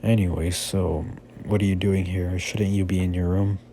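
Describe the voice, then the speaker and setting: A man's voice: sits low, flat delivery, moderate pace, mellow, slight background noise. Man doing a stern, matter-of-fact teacher. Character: stern, plain-spoken male teacher.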